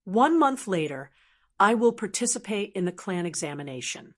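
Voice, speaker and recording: A woman's voice: medium pitch, big pitch swings, moderate pace. A woman narrator voicing a cold, menacing young man who sneers and threatens. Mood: scornful. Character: cold, menacing young male clan rival.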